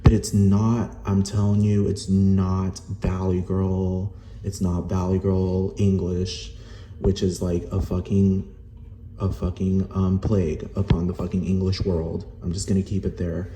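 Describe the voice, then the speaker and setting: He's a vlogger from Puerto Rico who speaks Spanish, ranting at the camera with heat, swearing, and constant "like." Yet his low, warm voice stays completely flat and unhurried. The recording has a roomy echo.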